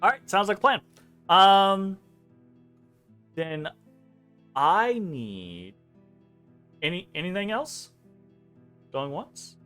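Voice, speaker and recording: A man narrating as game master of a tabletop game, rambling and correcting himself with quick laughs. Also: high-pitched, sing-song, pushed and bright, clear, resonant tone, faint music behind. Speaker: dungeon master.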